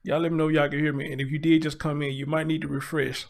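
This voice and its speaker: A man's voice: a little high, little pitch movement, fast talker, gravelly. A man hosting a livestream, heartbroken and choked up, struggling to hold back tears as he talks to his viewers. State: tearful, choked up. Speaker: livestream host. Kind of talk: emotional live commentary.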